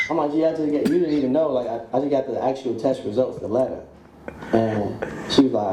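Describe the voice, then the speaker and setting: A man's voice: medium pitch, brisk. A man casually telling a personal story, acting out the voices of the people in it and laughing along the way. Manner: animated, acts out quoted voices, laughs mid-story. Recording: roomy echo with faint background noise.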